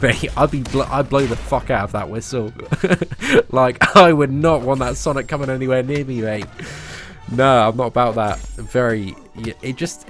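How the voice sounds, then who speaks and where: A cheeky young man rambles through a late-night stream in his ordinary mid-pitched voice, loose and sweary, tossing out "mate" at every turn. Faint music plays behind him. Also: a bit bright. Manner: cheeky, chatty, sweary, calls viewers mate. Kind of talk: late-night live-stream chat with viewers.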